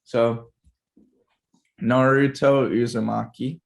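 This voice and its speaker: A man with a gravelly, fry-heavy voice hosts a relaxed podcast over a video call. He talks in a loose, hesitant way, trailing off and tripping over words as he goes. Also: mid-range voice, slow pace. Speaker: podcast host. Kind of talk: casual chat.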